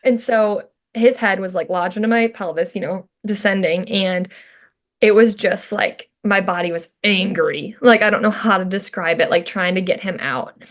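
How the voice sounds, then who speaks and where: A woman guest on a podcast telling her own story casually, chatty and quick to laugh, with lots of filler words. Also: mid-range voice.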